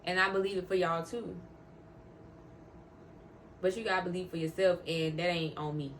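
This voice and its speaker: A woman's voice: fairly low pitch, steady tone, moderate pace, noisy background. A woman vlogger talking casually about faith, heartfelt and openly emotional, rambling and repeating words for emphasis. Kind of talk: casual faith vlog talk.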